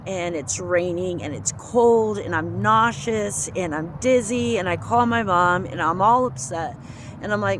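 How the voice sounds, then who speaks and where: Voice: medium pitch, noisy background. Earnest rambling storyteller outdoors. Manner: earnest, rambling retelling with quoted inner speech. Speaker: storyteller sharing a faith testimony. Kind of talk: casual spoken testimony.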